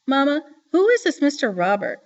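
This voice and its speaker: A woman's voice: sits high, very animated, moderate pace, muffled recording, pitched above the performer's own voice. A woman voicing an upset, worried mother with a Southern accent in an audiobook. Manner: upset, pleading. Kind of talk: audiobook character reading.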